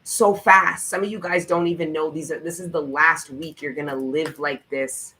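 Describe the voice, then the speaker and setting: A man's voice: fairly high pitch, steady tone, normal speed, vocal fry, pushed and bright, low-quality recording. A man giving a tarot reading in a vlog, speaking in an emphatic, profane, motivational way and repeating his encouragement with fervour. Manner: repetitive, fervent encouragement. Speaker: tarot reader.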